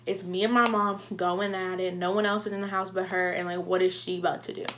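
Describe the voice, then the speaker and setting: A young woman vlogging a casual storytime, animated and full of "like", acting out what people said. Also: on the low side, fairly quick, a little hiss or hum. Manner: animated, heavy use of "like", acts out quotes.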